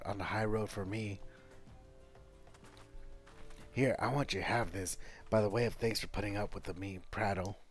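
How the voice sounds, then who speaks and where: A man voicing a chatty, folksy male traveling merchant with rough, rambling speech while reading game dialogue aloud. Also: fairly low pitch, lightly acted. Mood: hushed.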